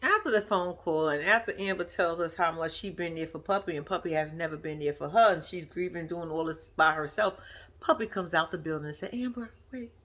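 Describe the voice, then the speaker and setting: Woman, casual reaction vlogger; bright, sharp tone, sassy and blunt, laughs a lot. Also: lowish voice, brisk. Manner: slangy and profane, addresses viewers directly. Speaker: vlogger recapping a reality show.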